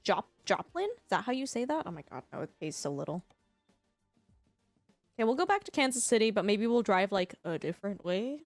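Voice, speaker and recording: Speaking a little fast at medium pitch with a sing-song lilt, this young Canadian streamer chats and laughs while she plays a game. She often questions her own pronunciation of place names; the recording is dry, with faint music behind her.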